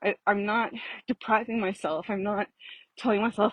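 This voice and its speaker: A woman with a husky, slightly breathy voice, winded from walking uphill. She rambles and restarts with frequent laughs, recorded dry and close on a phone outdoors. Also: mid-range voice, normal speed, no echo, low-quality recording. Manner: rambling, self-interrupting, laughing often. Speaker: vlogger. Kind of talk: casual reflective talk while walking. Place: outdoors on a street.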